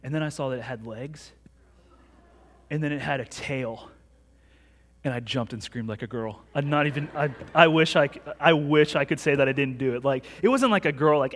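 A man in his thirties, pitch fairly high and pace fairly quick, preaches as pastor of a large church. The sermon unfolds like a conversation full of stories and self-mocking jokes, and the sanctuary adds a long hall reverb.

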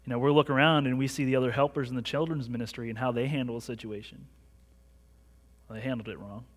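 A pastor in his thirties preaches in a large church sanctuary, his mid-range voice steady in tone and fast. He delivers the sermon conversationally, telling stories with self-mocking humor, and the recording has a long hall reverb.

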